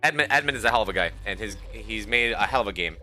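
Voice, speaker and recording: A man's voice: fairly low pitch, animated, quick pace, pushed and bright. Sleep-deprived man rambling over music. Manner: rambling, repeats words, tired. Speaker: streamer. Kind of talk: casual stream chat. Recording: music playing behind the voice. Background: game music.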